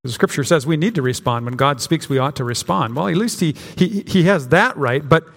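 Pastor preaching in a reverberant hall. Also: male voice, on the high side, lively intonation, brisk, vocal fry. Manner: conversational preaching with frequent restarts and acted-out quotes. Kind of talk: sermon.

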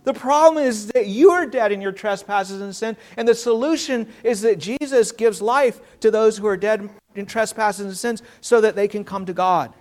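A man's voice: high voice, normal speed, few pauses, a little mellow. A man preaching a sermon in an earnest, emphatic way, drawing out key words and repeating himself as he restarts.

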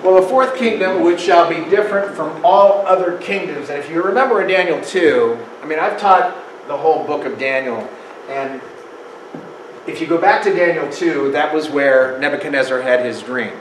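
A man leads a casual Bible study, his voice sitting a little high and lively. The room is echoey with a faint hiss behind him. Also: normal speed. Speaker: Bible teacher. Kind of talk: casual Bible teaching to a small group. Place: room with a small group.

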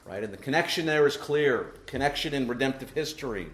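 A middle-aged man preaching in a church, his voice sitting at an ordinary pitch. He presses his points with repeated rhetorical questions and emphatic repetition. The sanctuary gives the voice a noticeable echo. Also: animated, brisk, fairly bright tone. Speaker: pastor. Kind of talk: sermon. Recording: echoey church room.

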